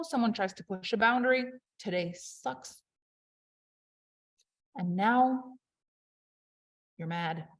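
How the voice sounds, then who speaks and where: Emphatic woman giving a motivational talk. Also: mid-range voice. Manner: emphatic, conversational, swings from loud to quiet. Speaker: leadership coach.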